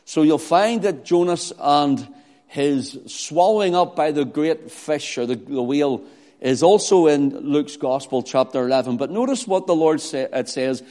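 A man preaching a sermon, rising from quiet prayer into loud, emphatic delivery. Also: a little high. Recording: long hall reverb.

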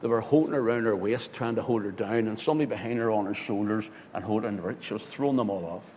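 A man, a pastor telling a story in a sermon, swinging from loud, excited bursts to hushed tones. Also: fast. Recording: hall reverb with faint rumble.

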